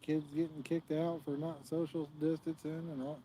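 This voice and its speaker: Brief: talkative outdoorsy male host, slightly high voice, faint outdoor noise behind. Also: level tone, normal speed, warm tone. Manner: chatty, joking, rambling. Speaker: fishing channel host. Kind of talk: casual live-stream chat. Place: outdoors at a fishing spot.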